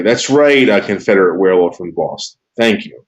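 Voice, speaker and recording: A man with a fairly low voice talks casually to his livestream chat, rambling from one thought to the next. He swears freely and stumbles over the first words of his sentences. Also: lively intonation, brisk, few pauses, lo-fi sound. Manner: profane, rambling, repeats words when starting sentences.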